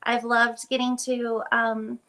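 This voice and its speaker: A woman guest on a live-streamed chat, talking in a warm, gracious way with soft hesitations. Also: fairly high pitch, completely flat delivery, takes it slowly.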